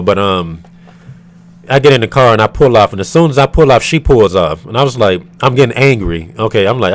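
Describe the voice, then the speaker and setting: A man from the United States telling a storytime rant to his viewers in an irritated, profane, rambling way with many fillers. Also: fairly low pitch. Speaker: vlogger.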